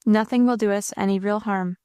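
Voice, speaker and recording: A woman voicing a gentle, patient young woman who speaks softly and reassuringly, in an audiobook reading. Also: medium pitch, fairly even intonation, fairly quick, smooth, dry recording, clean studio sound, close to an everyday voice. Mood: tender, weary. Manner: soft, reassuring, earnest.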